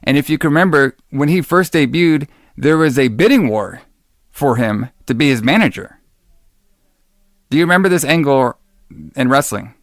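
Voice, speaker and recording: A man's voice: a little high, animated, normal speed, long pauses, dry recording, studio quality. A man co-hosting a casual podcast, rambling with lots of fillers and enthusiastic about old wrestling shows. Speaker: podcast co-host.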